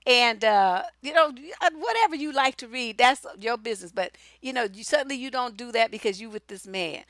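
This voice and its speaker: A woman relationship coach giving blunt, profane, animated advice in a casual talk. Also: a little high, brisk, no echo, clean studio sound. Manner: blunt, profane and animated, acts out quoted voices.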